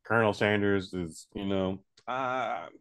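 A man co-hosting a comedy podcast, joking and rambling in relaxed banter. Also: fairly low pitch, measured pace, smooth, no echo, studio quality. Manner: laid-back, joking, rambling. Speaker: podcast co-host.

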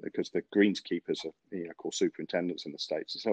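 A man's voice: low-pitched, fast, hardly any pauses, no echo. A man hosting a golf podcast, chatting casually and telling stories with lots of fillers and restarts. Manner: rambling, many fillers and restarts, laughs often. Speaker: podcast host, golf coach. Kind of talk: casual podcast chat, storytelling. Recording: dry, dull lo-fi podcast audio.

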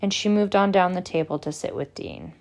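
A woman narrating an audiobook in a measured, expressive way. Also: fairly low pitch.

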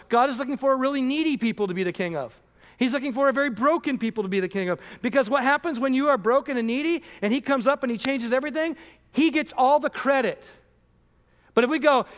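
A man preaching a sermon as pastor, earnest and emphatic, acting out quoted voices and rising to near shouts. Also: very high voice. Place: church sanctuary. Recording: long hall reverb.

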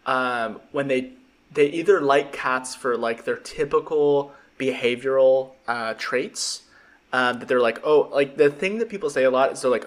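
A man's voice: medium pitch, moderate pace. A young man hosting a casual chat, giving blunt, profane, jokingly harsh opinions. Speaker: podcast host.

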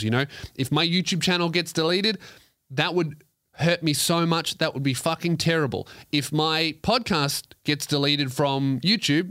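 A man's voice: mid-range voice, fairly bright tone, dry recording. A young man hosting a podcast on his own, chatting casually into a close mic with rambling asides and frequent swearing. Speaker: podcast host. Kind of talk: casual solo podcast chat.

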